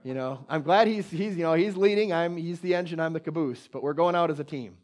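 A man preaches in a relaxed, conversational way, stopping and restarting as he retells a story. His voice sits a bit higher than most men's. When he quotes a prayer, he drops to a hushed tone. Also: brisk. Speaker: pastor. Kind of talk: sermon with personal story.

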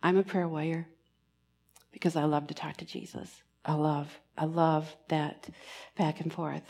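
A woman giving a sermon in church, earnest and pastoral, moving between emphatic lines and hushed, almost whispered ones. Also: deep voice, little pitch movement, a little slow. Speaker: preacher.

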